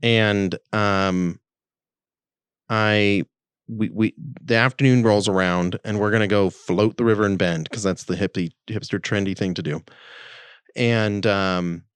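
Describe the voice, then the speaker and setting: A man's voice: fairly low pitch, unhurried, clean tone, dry recording. A man co-hosting a podcast, telling a story in casual chat and acting out the quotes with animation. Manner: animated, acts out quoted speech. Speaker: podcast co-host.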